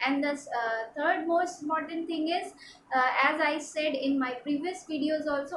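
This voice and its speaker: A woman from India, a personality development trainer, giving a halting instructional talk with many fillers and repeats. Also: sits high, reverberant, background noise.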